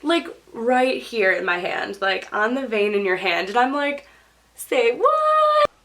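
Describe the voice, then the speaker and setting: A young woman telling a story in a casual vlog, chatty and full of "like", acting out quotes in a higher voice. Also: lively intonation, a little slow, fairly bright tone. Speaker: YouTube storyteller.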